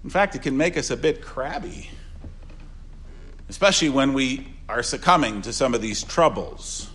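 An older man, a pastor, preaching an earnest funeral sermon, repeating phrases and swinging between soft asides and louder emphasis. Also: medium pitch, expressive, normal speed.

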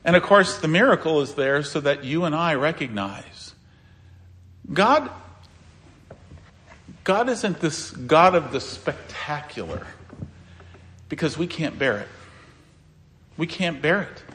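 A man preaching a sermon as pastor, conversational and halting, with many restarts and fillers. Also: a little high, fairly bright tone. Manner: conversational preaching, explaining scripture.

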